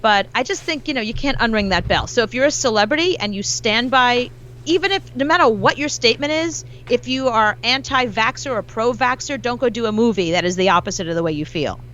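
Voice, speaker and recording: A celebrity journalist with a slightly high voice talks briskly as a guest commentator in a casual interview, animatedly dramatizing the quotes she repeats. The recording is muffled, with a bit of hiss or hum.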